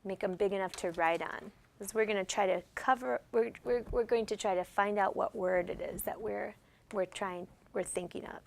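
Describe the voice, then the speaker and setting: A woman leads a classroom lesson, patiently walking her students through each step with questions. Her voice carries a gravelly, fried edge at an everyday mid pitch. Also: steady tone, normal speed. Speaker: special education teacher. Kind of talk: classroom instruction.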